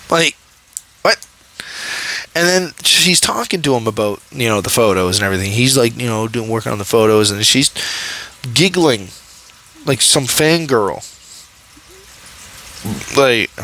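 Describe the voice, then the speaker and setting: A man's voice: medium pitch, bright, forceful tone, low-quality recording. A young man casually reviewing a show, rambling with many fillers and restarts and laughing often. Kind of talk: casual commentary.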